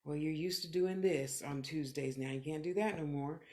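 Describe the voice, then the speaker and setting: A woman's voice: low-pitched, moderate pace, mellow. A middle-aged woman, a clairvoyant medium on a live stream, talking candidly and swearing freely in short reflective bursts while answering viewers. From California. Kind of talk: live-streamed motivational talk and readings.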